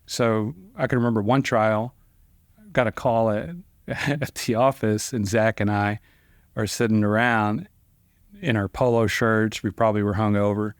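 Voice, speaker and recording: A man's voice: fairly low pitch, fairly even intonation, measured pace, no room sound, studio quality. A man, a trial lawyer and podcast guest, telling stories casually with rambling, conversational delivery full of fillers and restarts. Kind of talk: casual storytelling.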